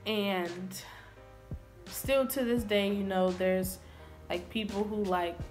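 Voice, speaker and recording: A woman's voice: medium pitch, steady tone, slow pace, darkish tone, soft background music. A young woman vlogger telling a personal story to camera in an earnest, confessional way.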